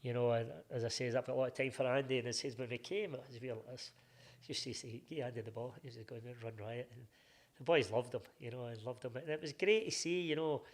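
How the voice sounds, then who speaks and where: A man's voice: medium pitch, fast talker. A middle-aged Scottish man, a football coach, casually telling stories as an interview guest and acting out old conversations. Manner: animated anecdotes, acting out past conversations in reported speech. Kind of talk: casual storytelling.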